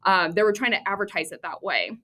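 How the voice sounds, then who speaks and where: A woman from the US Midwest, a cybersecurity expert guest, telling a lively anecdote in a conversational podcast, often laughing. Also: medium pitch, fast.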